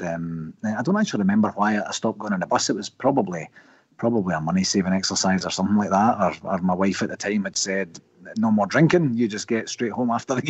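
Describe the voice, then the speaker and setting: A man's voice: lowish voice, slightly rough, dry recording. Scottish man on a muffled call line. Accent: Scottish, Paisley. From Scotland. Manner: chatty, restarts often, relaxed storytelling. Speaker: guest, supporters association president. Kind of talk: casual chat.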